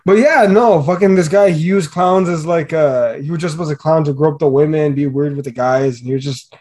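A man chats casually on a podcast, wandering through his points with frequent ums and restarts. His voice sits slightly high for a man. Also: fairly quick, a little mellow. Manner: rambling, hesitant, filler-heavy talk. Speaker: podcast co-host.

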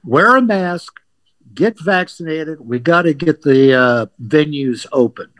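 A man's voice: fairly high pitch, lively intonation, a little slow, a bit bright. A man co-hosting a casual podcast and throwing in teasing jokes. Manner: joking, teasing quips. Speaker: podcast co-host.

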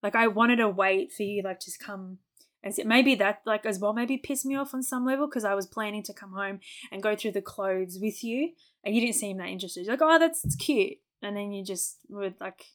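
A young adult woman in a relaxed podcast chat, speaking with a mid-range pitch. She talks openly, laughs often and replays her own remarks in quoted bits. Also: brisk. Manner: candid, laughs often, acts out her own past words. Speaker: podcast co-host. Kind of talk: casual chat.

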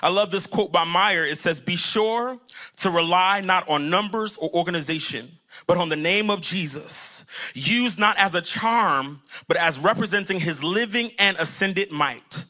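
Bright, high-voiced animated male preacher. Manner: animated preaching, acts out the disciples and Jesus in quick asides. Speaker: pastor. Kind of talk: sermon.

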